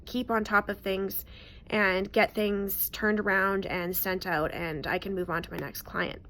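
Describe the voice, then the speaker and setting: Woman in her 30s telling a story to camera, chatty, leans hard on words, mid-pitched voice. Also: fairly even intonation, unhurried, bright, forceful tone. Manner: chatty, emphatic, repeats words for stress. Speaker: newborn photographer.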